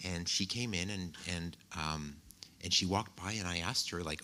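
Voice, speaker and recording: A man on a conference panel telling a relaxed anecdote. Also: sits low, moderate pace.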